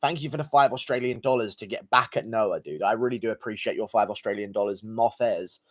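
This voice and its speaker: A man's voice: on the low side, brisk. A young man livestreaming, reading out donations in crude, profane, mocking banter. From England. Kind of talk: casual live-stream chat.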